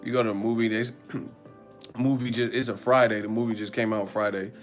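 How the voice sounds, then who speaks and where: Animated swearing man on a live stream. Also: fairly low pitch, brisk, soft background music. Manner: animated storytelling, swearing, loud put-on voices. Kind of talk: casual live-stream chat.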